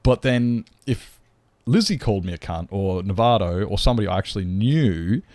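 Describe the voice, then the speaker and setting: A man's voice: on the low side, animated, normal speed, darkish tone, no room sound. An Australian man chatting bluntly and swearing to viewers during a casual live stream. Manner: blunt and sweary, rambling, chats to viewers while gaming.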